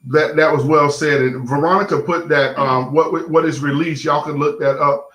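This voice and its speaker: A middle-aged man, a pastor hosting a casual talk with his wife, speaking in an animated preacherly way with many fillers and self-corrections. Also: fairly high pitch, normal speed, reverberant. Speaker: pastor and show host.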